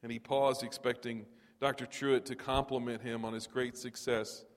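A man's voice: mid-range voice, little pitch movement, normal speed. A man in his forties from Texas, preaching a sermon in a conversational storytelling way with touches of humor. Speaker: pastor. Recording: long reverb of a large hall.

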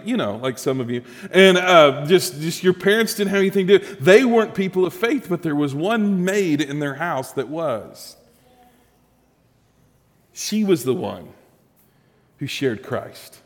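A male pastor preaching a sermon with lively rhetorical questions to his congregation. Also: fairly high pitch, long reverb tail.

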